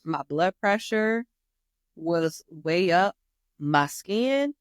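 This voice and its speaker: A woman's voice: fairly low pitch, expressive, drawn-out words, clean tone, no room sound, studio quality. A woman hosting her own show, speaking candidly and with animation about her personal journey, calling her listeners "y'all". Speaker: host. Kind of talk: personal testimony.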